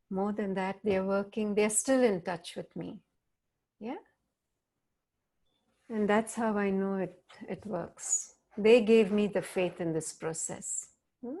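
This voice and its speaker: Gentle middle-aged woman guiding mindfulness. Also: a little high. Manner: gentle, reflective, guiding with soft prompts. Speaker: counselor leading a wellness talk. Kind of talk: guided mindfulness session over video call.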